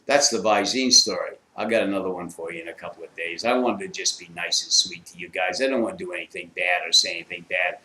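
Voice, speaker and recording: A man's voice: low voice, fast talker, few pauses, pushed and bright, a little hiss or hum. A man in his sixties telling a rambling, profane anecdote in a casual, gleeful way. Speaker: storyteller. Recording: echoey room.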